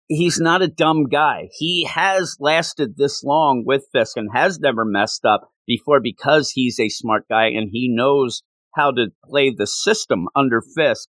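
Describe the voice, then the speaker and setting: Animated man recapping a story. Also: mid-range voice, measured pace, few pauses, no room sound. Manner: animated and chatty, with many fillers.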